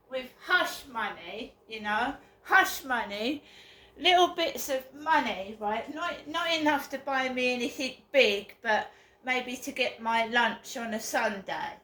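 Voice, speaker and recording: Woman vlogger, bitter venting monologue, slightly high voice, echoey room recording. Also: lively intonation, slow, pushed and bright. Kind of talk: personal vlog monologue.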